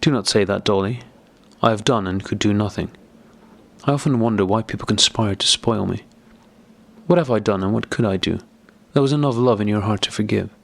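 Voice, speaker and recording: A tearful, agitated young noblewoman pleads anxiously from a storybook, as a low-voiced man reads her part. The voice carries a gravelly texture underneath. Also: brisk.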